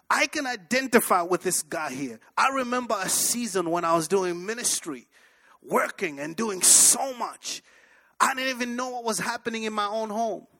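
A man's voice: sits high, fairly bright tone. A man preaching a sermon as pastor, emphatic and repetitive, with sudden bursts and drops in his delivery. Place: church service.

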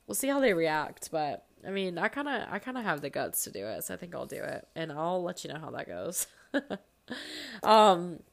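Young woman podcast host, slightly low voice, stuffy nose, rambly chatty style with lots of "like". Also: moderate pace, creaky. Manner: chatty, lots of "like", animated asides. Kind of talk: casual chat.

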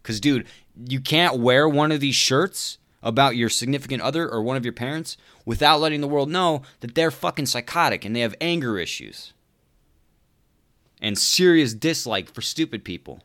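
Sarcastic, swearing podcast ranter. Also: male voice, medium pitch, moderate pace, a bit bright. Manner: exasperated, sarcastic, swears a lot, says "dude". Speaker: podcast host. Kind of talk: profane comedic rant.

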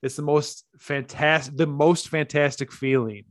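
Podcast dude, blunt and sweary, laughs a lot, dry close sound. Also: male voice, on the high side, level tone, unhurried, dry recording. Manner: blunt, swears freely, laughs mid-sentence. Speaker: podcast co-host. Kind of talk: casual chat.

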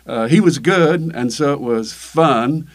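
An older man, a pastor, talking casually in an interview, halting with many fillers and restarts. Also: mid-range voice.

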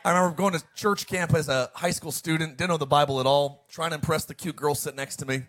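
Animated, joking pastor with a high voice. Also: male voice, fast talker. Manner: animated, joking, reads scripture with emphasis. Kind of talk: sermon.

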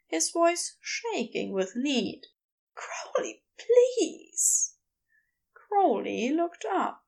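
A woman reading a fan story aloud in scripted narration, slow and breathy. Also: a little high. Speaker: fan audiobook reader.

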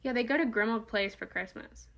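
Young woman chatting on a podcast, bright and a bit high, giggles a lot. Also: fairly quick. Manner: giggly, quotes film lines in character. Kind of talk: casual chat.

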